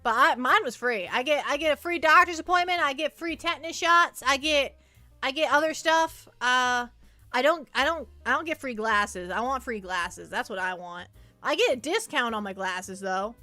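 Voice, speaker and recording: A woman's voice: high-pitched, lively intonation, normal speed, pushed and bright, no echo, soft background music. A young woman streaming casually, rambling and stammering with many repeated words. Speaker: virtual streamer. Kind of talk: casual livestream chat.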